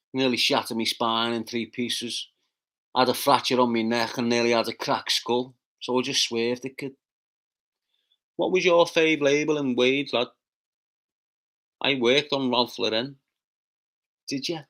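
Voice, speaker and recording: Brash Scouse man with a bright edge. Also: mid-range voice, fairly even intonation. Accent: Liverpool (Scouse). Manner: brash, rapid-fire banter with swearing; bursts into loud taunting rants. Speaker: livestream host reading chat comments. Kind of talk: casual live chat.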